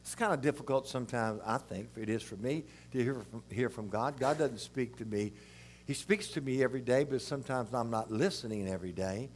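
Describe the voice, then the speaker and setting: Folksy older South Louisiana preacher. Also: male voice, mid-range voice, a little fast, a little hiss or hum. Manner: rambling, folksy, animated. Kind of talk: sermon with folksy storytelling.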